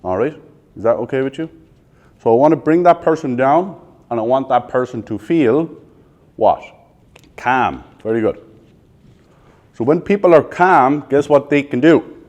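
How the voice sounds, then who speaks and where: Here an Irish man in his thirties leads a live sales training, quizzing the room rapid-fire and replying bluntly with some swearing. His medium-pitched voice is expressive and leans darkish.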